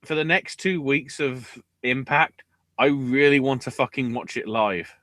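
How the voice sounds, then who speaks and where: A man co-hosts a podcast in loose, casual chat. He swears freely and jumps from mumbling asides to excited shouts. His voice sits at a middling pitch, and the recording is close and dry with no room sound. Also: unhurried, no echo. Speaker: podcast co-host.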